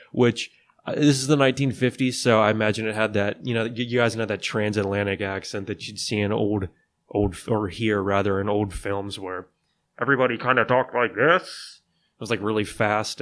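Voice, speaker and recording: A man hosting a podcast alone, talking casually and jokingly, with a loose, slangy way of chatting. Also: fairly low pitch. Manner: laid-back and jokey, says "dude" a lot. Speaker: podcast host. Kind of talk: casual solo legal podcast chat.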